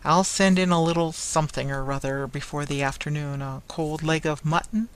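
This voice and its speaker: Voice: mid-range voice, fairly even intonation, normal speed, smooth, natural voice. A grumpy, sneering toy merchant, as a storyteller puts him on speaks in curt, muttered phrases full of contempt. He sounds cold and dismissive. This is a storybook reading, not a staged play. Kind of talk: audiobook character reading.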